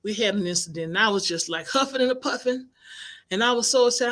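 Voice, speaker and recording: A middle-aged woman, a life coach and minister, telling inspirational stories in an animated, expressive way. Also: a little high, fast talker. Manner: animated, expressive, acts out quoted voices. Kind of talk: inspirational storytelling broadcast.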